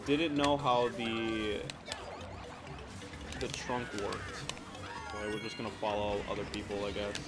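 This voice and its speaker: A young man from the United States telling a rambling, laughing story on a live stream, swearing often. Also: mid-range voice.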